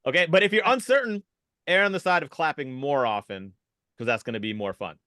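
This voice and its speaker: A man, a podcast guest and improv keynote speaker, explaining an exercise with animated energy over a video call. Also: a little high, clear, resonant tone, no room sound. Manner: animated, fast-talking.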